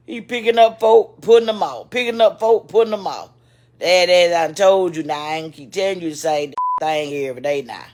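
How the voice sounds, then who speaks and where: Lady crying a bit, ranting at her viewers, keeps repeating herself, mid pitch. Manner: repetitive, preachy, talks straight to the viewers. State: tearful. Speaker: vlogger addressing her channel. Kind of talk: emotional live-stream rant.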